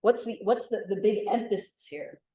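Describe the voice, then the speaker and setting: A woman leading an interactive communication workshop for a live group, acting out example lines with lively emphasis. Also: mid-range voice, normal speed. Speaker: workshop facilitator. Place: room with live audience. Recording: echoey room.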